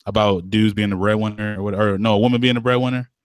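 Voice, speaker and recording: A man's voice: fairly low pitch, steady tone, quick pace, smooth, no room sound. Laid-back profane young man, dry sound. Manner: loose, profane, laughs often. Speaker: podcast co-host. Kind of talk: casual chat.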